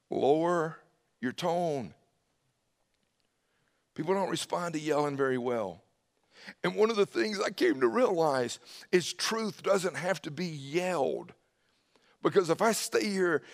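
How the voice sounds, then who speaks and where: Animated male preacher. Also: sits high, normal speed, creaky. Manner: animated preaching with sudden swings from loud to hushed; addresses listeners by name. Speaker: pastor. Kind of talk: sermon.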